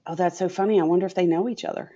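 A woman's voice: on the low side, steady tone, very fast, mellow. A middle-aged woman from Tennessee, a guest talking chattily in an interview, rambling with many filler sounds. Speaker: guest, sales consultant. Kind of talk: conversational interview. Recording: dull lo-fi audio.

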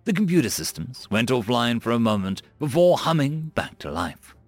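Gravelly, expressive male audiobook narrator. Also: medium pitch, moderate pace, no room sound. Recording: dry close mic with faint music.

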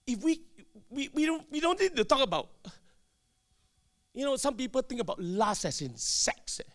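A male pastor, preaching a sermon emphatically with sudden shouted bursts and call-and-response to the congregation. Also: very high voice, sing-song, normal speed.

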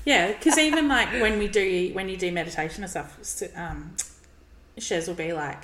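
An Australian woman in her thirties co-hosting a podcast, telling lively stories in casual chat. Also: lowish voice, normal speed, roomy sound. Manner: animated storyteller, acts out voices. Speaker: podcast co-host.

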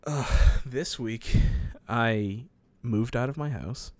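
A man's voice: medium pitch, takes it slowly, no room sound. Laid-back man podcast co-host. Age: late 20s. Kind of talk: casual chat.

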